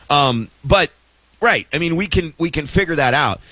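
A man's voice: fairly high pitch, sing-song, fast, bright, forceful tone, no echo, low-quality recording. A man telling a story in a casual, exasperated rant, with sarcastic asides, as a host at the mic.

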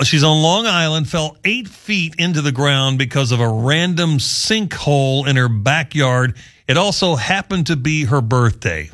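A man's voice: mid-range voice, fairly bright tone. A man hosting a talk show, chatting casually and jokingly through odd news stories. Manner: chatty, joking, wandering asides. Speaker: radio show host.

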